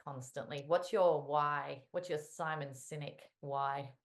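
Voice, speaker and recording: A woman hosting a podcast interview, enthusiastic and quick to laugh as she asks questions. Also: deep voice. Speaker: podcast host. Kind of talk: casual interview chat.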